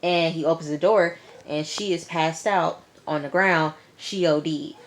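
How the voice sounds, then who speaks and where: A woman recapping a TV episode in a relaxed, chatty way. Her voice sits low, and she talks in slang with emphatic asides and lots of fillers. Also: measured pace. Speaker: TV show reviewer.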